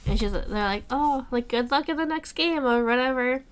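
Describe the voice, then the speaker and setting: A woman's voice: high voice, moderate pace, clean tone. Woman, book club host, casual recap, acts out quoted lines, swears freely.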